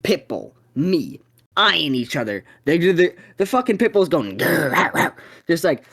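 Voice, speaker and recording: Foul-mouthed, animated young storyteller. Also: mid-range voice, normal speed, husky. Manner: profane, rambling, with sudden excited bursts. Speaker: podcast co-host. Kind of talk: casual storytelling chat.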